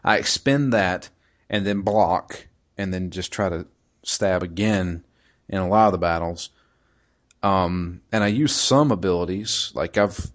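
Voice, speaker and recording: A man with a deep, low-pitched voice chatting informally about a video game he is playing. He talks in a loose, hesitant way, circling back with "um" and "uh" and restarting his sentences as he goes. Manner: hesitant, many fillers and restarts. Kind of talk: casual podcast chat.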